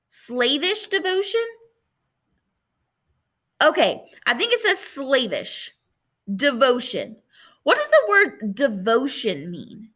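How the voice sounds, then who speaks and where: A woman reading a novel aloud like a teacher, expressive, stopping for chatty asides to her listeners. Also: fairly high pitch.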